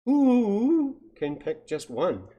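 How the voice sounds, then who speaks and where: A man voicing a grumpy, stern male library owl in a read-aloud picture book story, with huffy, drawn-out words. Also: high voice, wildly swooping pitch, warm tone, slightly rough, lo-fi sound, voice pushed up, full character voice.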